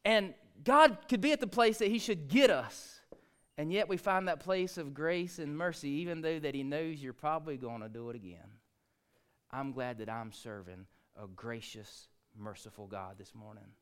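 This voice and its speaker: A man, preaching a sermon, swinging between hushed, quiet lines and loud, rising ones. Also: on the high side, normal speed, clean tone. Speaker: pastor.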